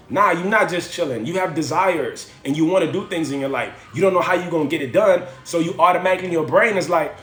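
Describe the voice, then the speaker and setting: A man's voice: fairly high pitch, quick pace, fairly bright tone, reverberant, soft background music. A man hosting a livestream from home, giving a slangy, preachy motivational talk that repeats phrases for effect. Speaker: livestream host.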